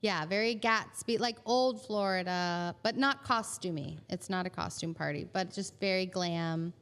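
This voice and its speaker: A woman's voice: on the low side, a little slow, a bit bright, smooth. A woman who owns a catering business, chatting casually and bubbly with many fillers. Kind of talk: casual chat.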